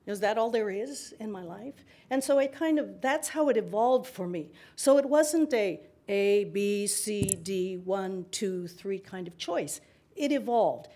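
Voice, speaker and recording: A woman in her sixties, a panel guest at a public forum, telling her story in an animated way with laughs between remarks. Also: on the high side, measured pace. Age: 60s. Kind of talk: conversational storytelling at a live forum.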